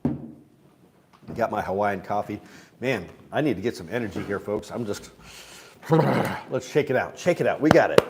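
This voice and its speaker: A man's voice: fairly low pitch, expressive, fairly quick, background noise. Chatty man hosting a morning livestream. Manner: chatty, reads viewer comments aloud. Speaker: livestream host selling instruments. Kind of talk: casual live-stream chat.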